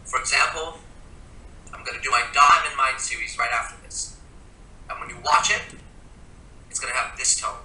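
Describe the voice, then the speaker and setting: A man's voice: mid-range voice, fairly even intonation, fairly quick, pauses often, sharp tone. A man talking in a casual interview as a mentor, blunt and emphatic, with frequent swearing. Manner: blunt, emphatic, profane coaching. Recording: echoey room, voice from a distance.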